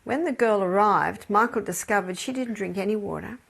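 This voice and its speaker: A woman's voice: medium pitch, normal speed, gravelly, a bit bright. A woman with an Australian accent, giving a storytelling health lecture in a chatty manner. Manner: chatty, laughs between anecdotes. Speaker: health educator.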